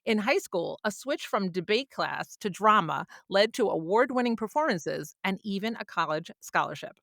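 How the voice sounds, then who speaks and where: A woman's voice: mid-range voice, expressive, moderate pace, gravelly, a bit bright, dry recording, clean studio sound. A woman hosting a podcast interview, bubbly and laughing often. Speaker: podcast host.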